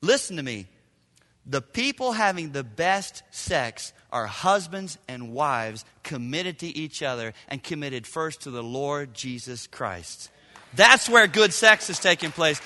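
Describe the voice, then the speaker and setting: A middle-aged man preaching to a congregation, his voice high and bright. He hammers words through repetition and swings from hushed asides to loud outbursts. The sound carries a long reverb from the large hall. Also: sing-song, measured pace. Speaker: pastor. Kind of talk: sermon.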